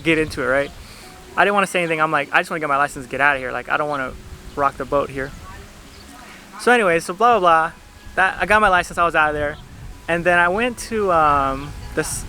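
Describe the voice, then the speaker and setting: A man's voice: a little high, pushed and bright, a little hiss or hum. A man vlogging outdoors at a beach, telling a travel story in a chatty, rambling way with lots of "like". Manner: chatty, rambling, heavy use of "like". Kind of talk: casual storytelling to camera.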